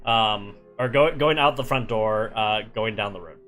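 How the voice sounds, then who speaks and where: A man's voice: on the low side, unhurried, pushed and bright, faint music behind. A young man streaming while he draws, telling a travel story in a rambling, casual way with many fillers and restarts.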